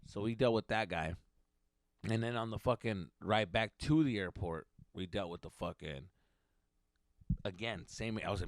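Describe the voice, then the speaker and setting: A man from California who hosts a comedy podcast and tells a profane, animated story, laughing often. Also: on the low side, normal speed, pauses often, no room sound, studio quality.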